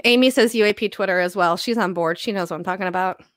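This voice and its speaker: A woman co-hosting a casual chat podcast, playful and gushing with quick asides. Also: mid-range voice, a bit bright, no echo, studio quality. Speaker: podcast co-host.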